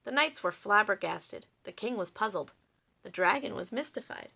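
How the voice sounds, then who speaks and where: A woman reading a picture book aloud to children, expressive and pausing to explain. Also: mid-range voice, vocal fry.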